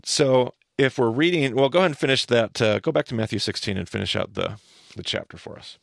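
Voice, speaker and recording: A man hosting a podcast, teaching scripture in a casual, animated back-and-forth with his co-host. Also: medium pitch, a little fast, creaky, no room sound, clean studio sound. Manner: animated, thinks aloud, asks his co-host questions.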